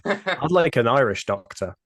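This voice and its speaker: A man's voice: mid-range voice, big pitch swings, unhurried, a bit bright, no room sound, clean studio sound. Hesitant British man hosting a chat. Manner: hesitant, many fillers and restarts. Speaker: podcast host. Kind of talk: casual chat.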